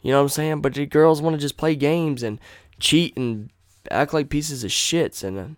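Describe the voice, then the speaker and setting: A man's voice: a little high, moderate pace, no echo, clean studio sound. A man hosting a solo podcast, ranting in an angry, blunt and profane way. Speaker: podcast host.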